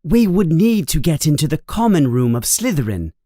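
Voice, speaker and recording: A man's voice: on the high side, very animated, moderate pace, dark tone, dry recording, clean studio sound, pitched above the performer's own voice. A man voicing a clever, earnest schoolgirl who speaks eagerly and explains things.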